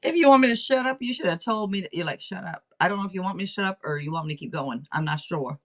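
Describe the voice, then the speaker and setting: A woman's voice: on the low side, animated, racing. A woman hosting a casual livestream tarot reading, talking to viewers in a direct, playful, teasing way. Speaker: tarot reader and livestream host.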